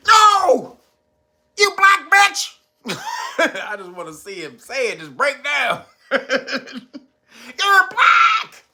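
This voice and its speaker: A man riffs through casual, profane commentary as a podcast host, mocking and laughing often. His voice sits high and bright, and it swings widely in pitch as he gets animated. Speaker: podcast host reading live chat.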